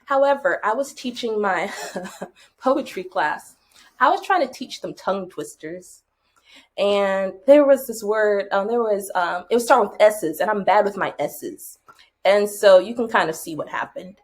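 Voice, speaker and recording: A woman who teaches high school, co-hosting a podcast and telling classroom stories in casual chat, expressive and lively. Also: a little slow.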